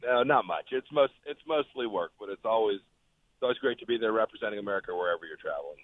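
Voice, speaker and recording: A man's voice: fairly low pitch, expressive, fast talker, dry recording. A man, a former official, confidently answering questions in a phone interview. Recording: tinny phone line.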